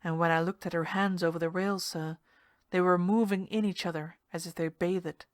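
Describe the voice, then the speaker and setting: A woman narrating a ghost story in a measured, hushed storytelling manner. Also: lowish voice, steady tone, no echo, clean studio sound. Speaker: story reader.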